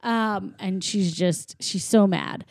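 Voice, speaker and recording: A woman casually retelling a film's plot to a co-host, animated, with lots of fillers. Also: medium pitch, slow pace, vocal fry, no room sound, clean studio sound. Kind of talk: casual film recap chat.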